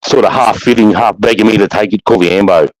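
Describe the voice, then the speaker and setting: A man with an Australian accent telling a long anecdote in casual chat, profane and animated, with many restarts. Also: lowish voice, quick pace, dry recording, rough recording. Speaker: podcast storyteller.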